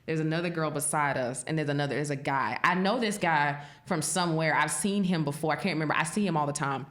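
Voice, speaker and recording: A woman hosting a podcast in casual chat, telling stories in an animated way and laughing often. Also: deep voice, fast, echoey room. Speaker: podcast host.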